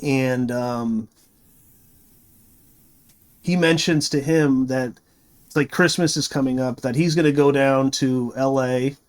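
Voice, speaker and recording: A man's voice: medium pitch, steady tone, slow, long pauses, smooth. A man reviewing a movie, retelling the plot in a rambling, casual way full of fillers and restarts.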